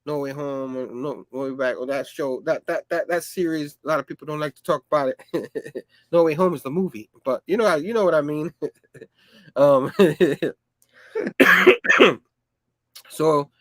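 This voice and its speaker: A man's voice: on the high side, a little slow, long pauses, fairly bright tone, no echo. A man hosting a comic book review show, retelling issues casually in a rambling way, with lots of fillers and hummed sound effects.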